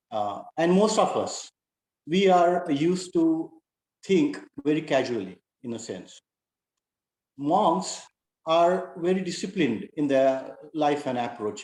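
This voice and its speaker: A middle-aged man, sharing a personal story in a halting, earnest way with many fillers. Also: fairly high pitch, a little mellow, reverberant, poor audio. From India. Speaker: class participant.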